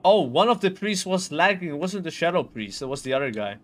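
A man's voice: a little high, sing-song, fairly quick. A man streaming a raid, chatting casually, swearing and saying bro all the time. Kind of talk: casual gaming chat.

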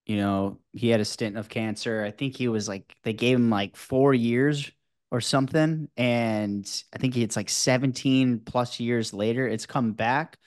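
In this laid-back podcast talk, a man who once taught health rambles through stories, leaning heavily on fillers like "you know" and "like." He speaks at a medium pitch and never rushes.

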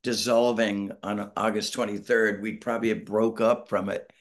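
A man's voice: lowish voice, level tone, moderate pace. A middle-aged man talking casually on a video call from home, telling a rambling story and acting out quotes. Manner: rambling storyteller, acts out quotes, self-deprecating. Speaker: band member, interview guest. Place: home, Northern California.

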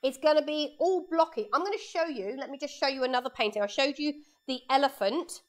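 Her voice sits high and her pace is brisk as this woman teaches kids to paint during a live session in her studio. Wearing a lapel mic, she explains each step while she draws and keeps up a friendly chat.

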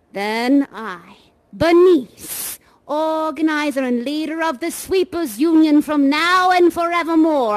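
A woman's voice: sits high, low-quality recording. A woman playing a doting, eccentric female leader of a sweepers' union in a virtual reality game, leading a theatrical, solemn oath with pet names for everyone. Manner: solemn, ceremonial oath-giving.

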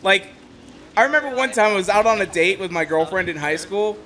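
Brief: young male streamer, high, bright voice, excitable and rambling, casual game chat. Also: a little fast, a little hiss or hum. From Ohio, USA. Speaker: gameplay streamer. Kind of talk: casual gameplay commentary.

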